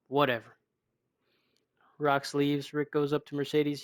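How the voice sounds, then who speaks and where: A young man narrating a wrestling video game in a brisk, wry, casual recap style, often sighing. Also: medium pitch, flat delivery, dry recording. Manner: brisk, wry, frequent sighs. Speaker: game commentator.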